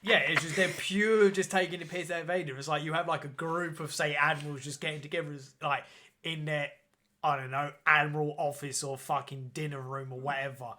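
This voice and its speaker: Male podcast host, casual and profane, rambling, slightly high voice. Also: steady tone, a little fast, pushed and bright. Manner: profane, rambling, laughing often. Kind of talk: casual chat.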